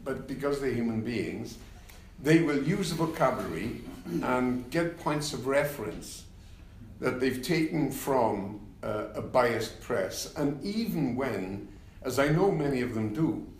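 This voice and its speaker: An older man, a former party leader, telling anecdotes in an unhurried interview, with many fillers and wry laughs. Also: mid-range voice, animated, roomy sound, a little hiss or hum. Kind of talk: reflective interview conversation.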